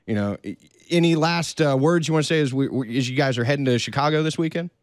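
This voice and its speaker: A man's voice: on the high side, fast talker, no room sound, studio quality. A man hosting a casual sports podcast, playful and rambling, with plenty of fillers. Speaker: podcast host. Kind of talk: casual chat.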